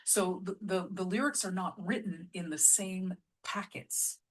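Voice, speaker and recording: Husky-voiced woman explaining patiently. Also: fairly low pitch, steady tone. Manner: explains patiently, often restarts mid-phrase; sounds out example lyric lines slowly with stress. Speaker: musical theatre artistic director. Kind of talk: casual teaching vlog.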